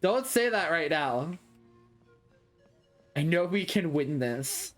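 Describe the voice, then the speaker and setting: A man's voice: on the high side, big pitch swings, slow pace, faint music behind. A young man streaming a video game live, reacting with dramatic, whiny, self-mocking commentary.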